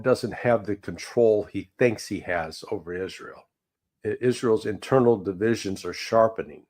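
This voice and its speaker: A middle-aged man delivers heated political commentary in a somewhat low voice. He is indignant and emphatic, hammering his points and tossing in sarcastic asides. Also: normal speed, a little mellow.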